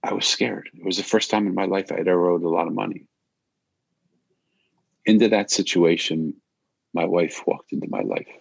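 Older man, low gravelly voice. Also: normal speed, long pauses, dry recording. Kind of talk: personal storytelling talk.

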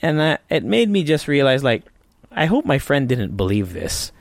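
A man's voice: medium pitch, huge pitch swings, moderate pace, vocal fry, dry recording. A man hosting a casual solo podcast, rambling and swearing freely with frequent restarts. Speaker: podcast host.

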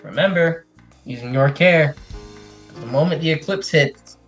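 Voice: mid-range voice, normal speed, faint music behind, natural voice. Tired stern hero giving instructions, played by the game master. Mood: weary.

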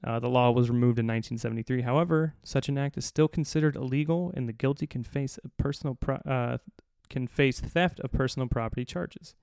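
Male podcast host, gravelly and deadpan-sarcastic, swearing freely while reading a list, recorded dry. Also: mid-range voice, fairly quick, hardly any pauses, no echo. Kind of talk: solo comedic podcast rant.

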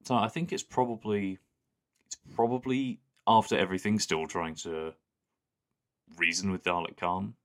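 A man with a very deep voice chats loosely on a podcast, circling back and restarting his sentences. He sounds relaxed and unhurried. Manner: easygoing, rambling with restarts. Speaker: podcast co-host. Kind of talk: casual chat.

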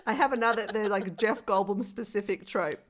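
A woman co-hosting a casual movie podcast, excitable, swearing freely and mimicking people as she talks. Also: mid-range voice, brisk. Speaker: podcast co-host. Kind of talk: casual chat.

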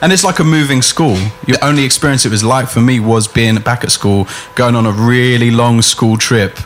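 A man's voice: mid-range voice, moderate pace. Upbeat male co-host, everyday mid voice, slight hiss. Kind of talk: casual interview chat.

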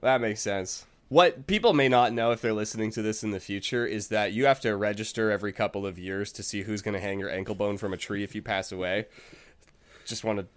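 A man hosting a casual storytelling podcast, reading a folk tale aloud in a playful, animated way. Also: fairly low pitch, brisk.

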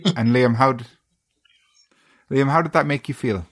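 An Irish man hosting a podcast, trading casual banter with dry, deadpan self-mocking jokes. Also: medium pitch, normal speed. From Ireland. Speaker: podcast host.

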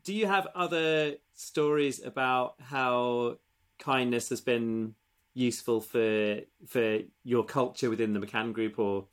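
A woman's voice: very deep voice, takes it slowly. A woman hosting an interview, mostly giving brief listening responses and asking questions. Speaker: host.

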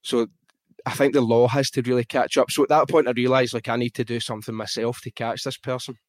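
A man's voice: medium pitch, fast, no echo. A man with a Glaswegian Scottish accent, speaking frankly and with feeling as he tells a personal story in casual conversation, swearing now and then. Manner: animated, frank, swears freely. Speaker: guest on a podcast.

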